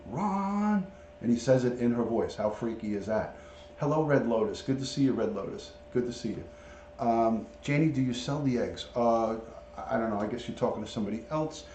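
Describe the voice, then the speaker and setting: A man's voice: mid-range voice, warm tone, slight background noise. A middle-aged man, a retired police detective, hosting a casual livestream from home and chatting with viewers by name. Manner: chatty, talks to viewers and reads out chat names. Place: at home, showing a pet parrot. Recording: echoey room.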